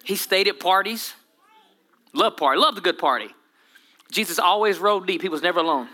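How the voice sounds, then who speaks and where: A man preaching a sermon with humor, dramatic whispers and sudden loud bursts. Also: sits high, moderate pace. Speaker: pastor.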